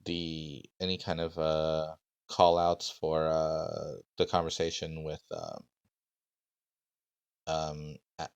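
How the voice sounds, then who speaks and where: Slow, very low-voiced man running a game. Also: no echo. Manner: halting, many ums and uhs. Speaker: game master and streamer. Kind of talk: casual game mastering on stream.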